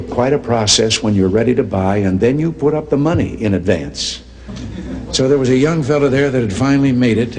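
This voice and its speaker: Faint noise and long hall reverb surround an older public speaker telling folksy, dryly humorous anecdotes in a joke-laden speech. His voice sits at medium pitch and sounds a little mellow.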